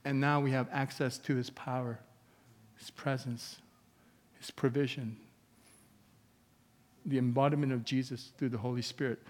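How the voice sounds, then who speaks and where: A man preaching a sermon as pastor, energetic and emphatic, with casual asides to the congregation. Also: mid-range voice, moderate pace, long pauses. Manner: energetic preaching, rising to loud emphatic peaks; conversational asides with chuckles to the congregation. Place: church sanctuary. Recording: long reverb of a church hall.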